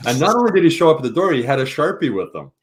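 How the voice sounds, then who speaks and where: A man's voice: a little high, very fast. A man with a Canadian accent, a hockey columnist guest, telling anecdotes in casual chat and acting out the quotes. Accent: Canadian English. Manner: animated anecdote teller, acts out quotes.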